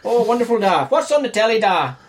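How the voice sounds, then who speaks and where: A man voicing an exaggerated old Irish pub regular in a high, squeaky, mock Irish accent, playing it over the top to mock the character. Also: big pitch swings, fairly quick.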